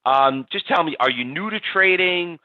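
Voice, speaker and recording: A man hosting a live trading webinar, talking in an energetic, chatty way and reading out audience answers by name. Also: fairly high pitch, normal speed, dry recording. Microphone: computer mic on a webinar stream. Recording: dull, slightly lo-fi webinar audio, dry.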